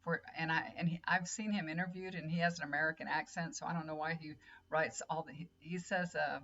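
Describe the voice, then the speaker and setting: A woman's voice: low voice, fairly even intonation, a little fast, a bit bright. A middle-aged woman, a tarot reader and healer rambling in casual chat straight to her viewers. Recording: dull lo-fi audio with faint hum.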